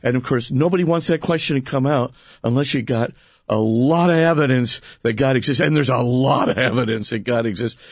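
A male priest explains theology with earnest emphasis, often restarting his sentences and posing rhetorical questions. His voice sits at an ordinary middle pitch and is captured dry and close, with no room sound. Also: a little fast, no room sound. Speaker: priest and guest.

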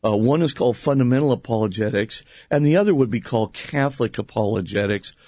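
A male priest explains theology with earnest emphasis, often restarting his sentences and posing rhetorical questions. His voice sits at an ordinary middle pitch and is captured dry and close, with no room sound. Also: lively intonation, fast talker, warm tone, no echo. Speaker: priest and guest.

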